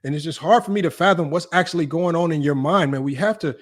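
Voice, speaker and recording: A man hosting a sports debate livestream, talking brashly and teasing his chat in quick casual commentary. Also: a little high. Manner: brash, rapid, teasing, talks straight to chat. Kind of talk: casual live-stream commentary.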